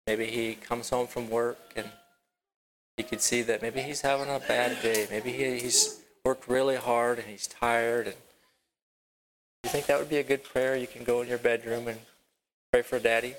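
A man with a mid-range voice and a level tone teaches a children's Bible lesson on a rural property with a barn. His telling is halting and repetitive, and he asks the children questions along the way. The recording is rough.

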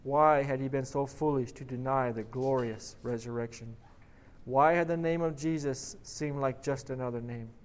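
A man's voice: mid-range voice, fairly even intonation, normal speed. A man preaching, reading a dramatic story aloud and then leading a prayer, emphatic on repeated questions. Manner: emphatic, rising on rhetorical questions.

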